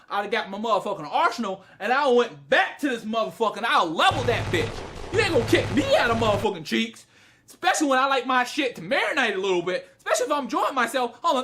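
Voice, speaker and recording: An anime reviewer tells stories in a casual video review, animated and excitable. He often bursts into loud, high-pitched yelling, swears a lot, and laughs frequently.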